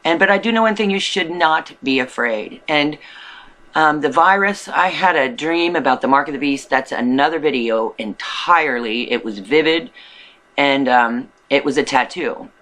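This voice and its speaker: Rambling, bright-voiced video blogger. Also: mid-range voice, normal speed, low-quality recording. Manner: rambling, earnest warnings with many restarts. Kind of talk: casual monologue to camera. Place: rural home in the wilderness.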